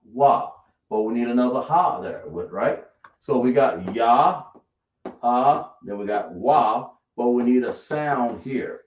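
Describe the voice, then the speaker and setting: A man leads a class at an unhurried pace, breaking words into sounds and asking his students questions. The recording is roomy and muffled. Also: mid-range voice, a little mellow. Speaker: teacher. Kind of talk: classroom lesson.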